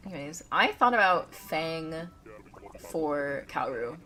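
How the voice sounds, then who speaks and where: A woman's voice: deep voice, big pitch swings, slow pace, bright, forceful tone. A woman live-streaming a game from home, chatting and giggling as she talks straight to her chat. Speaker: livestreamer.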